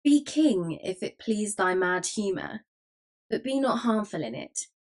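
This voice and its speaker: A man's voice: sits high, animated, unhurried. A woman voicing a burly, good-natured male rogue leader in an audiobook, speaking firmly and with command.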